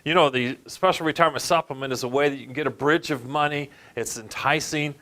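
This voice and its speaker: Male benefits advisor, storytelling presentation, lively delivery, slightly high voice. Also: fast talker. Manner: animated, addresses listeners as folks.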